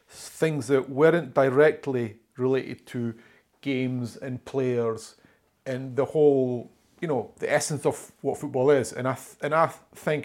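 A man's voice: medium pitch, darkish tone. Guy chatting in an interview, rambles and restarts a lot, ordinary mid voice. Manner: rambling, with many fillers and restarts. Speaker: author and journalist being interviewed. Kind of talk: conversational storytelling.

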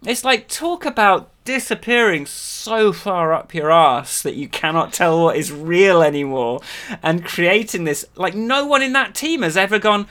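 A woman co-hosting a podcast in casual chat, animated, often leaping into high mocking voices. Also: a little slow. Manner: animated, mimics voices with sudden high squeals. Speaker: podcast co-host.

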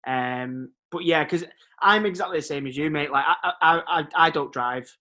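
A man's voice: a little high, moderate pace, pushed and bright. A man chatting casually, hesitant and full of restarts. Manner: hesitant, lots of ums and restarts. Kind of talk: casual chat.

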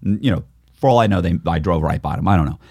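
A middle-aged man, a guest on a podcast, casually telling an animated story, acting out what people said and chuckling often. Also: sits low, fast talker, gravelly, breathy edge, dry recording, clean studio sound. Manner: animated, acts out quoted dialogue, chuckles often. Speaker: guest, author and former con artist.

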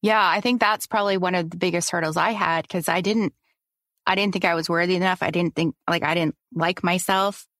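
A woman's voice: on the low side, steady tone, a little fast, fairly bright tone, no echo. Laughing woman, coaching client, dry sound. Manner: open, self-reflective, laughs often. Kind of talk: casual chat.

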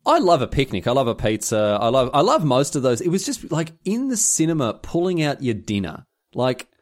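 An Australian man co-hosting a podcast in casual chat, animated and quick to exclaim. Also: medium pitch. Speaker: podcast co-host.

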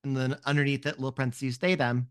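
A game master casually narrates a tabletop game, piling up fillers as they describe the scene. The voice sits at a middle pitch. The delivery is loose and conversational. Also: level tone, fast, clear, resonant tone. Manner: casual, rambling, many fillers like "you see".

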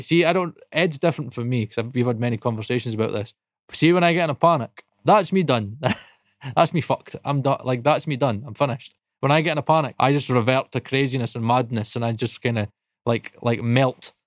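A podcast co-host from Dundee, Scotland, tells casual anecdotes animatedly, swearing freely and laughing through the story. His medium-pitched voice is recorded with a dry, close mic and no room sound.

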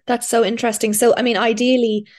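A woman's voice: fairly high pitch, little pitch movement, quick pace, a little mellow. A woman, hosting a podcast and telling a personal story in candid, chatty casual talk. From Ireland. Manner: candid, chatty storytelling with frequent fillers and restarts. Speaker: podcast host. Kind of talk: casual interview chat.

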